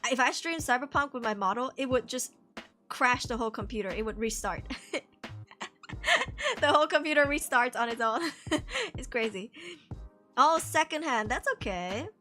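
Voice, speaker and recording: A Malaysian English-accented woman chats casually on a live stream, reading viewer messages aloud and answering each one. Her voice sits high and sounds bright, and soft music plays faintly underneath. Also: normal speed, long pauses. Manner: chatty, reads chat messages aloud and answers them.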